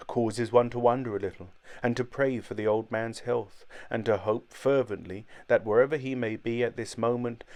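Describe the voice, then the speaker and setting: A man reading an audiobook as narrator, in measured, even storytelling. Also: fairly low pitch. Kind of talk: scripted narration.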